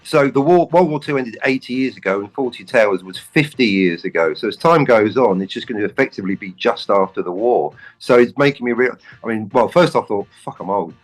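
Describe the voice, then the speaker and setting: A man co-hosting a podcast, talking about an old sitcom in a rambling, jokey way with lively restarts. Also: medium pitch, brisk, hardly any pauses, faint music behind, poor audio. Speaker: podcast co-host. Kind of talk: casual film chat.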